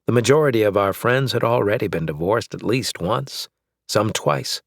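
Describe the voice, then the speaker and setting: Low-voiced male audiobook narrator. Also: normal speed, gravelly, dry recording, studio quality. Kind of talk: first-person scripted narration.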